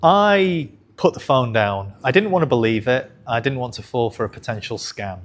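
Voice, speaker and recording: A man's voice: medium pitch, animated, normal speed. Frank man in his thirties. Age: 30s. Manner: frank, conversational, swears casually, self-corrects. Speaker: investing channel host. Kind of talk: candid storytelling to camera.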